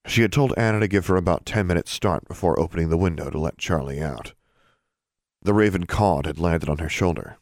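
A man narrating a fantasy story as an audiobook, steady storytelling with expressive dialogue. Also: deep voice, a little fast, no room sound, clean studio sound.

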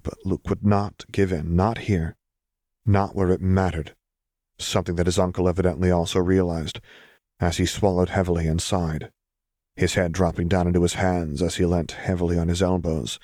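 Male audiobook narrator, deep, steady and unhurried, dry sound. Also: no room sound. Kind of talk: scripted fanfiction narration.

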